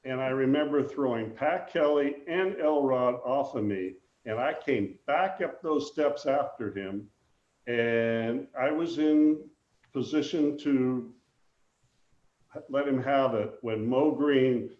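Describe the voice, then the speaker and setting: An older man, a former ballplayer, telling animated stories in a casual interview, acting out the voices he quotes. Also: medium pitch, takes it slowly, roomy sound, muffled recording. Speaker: guest, former baseball player.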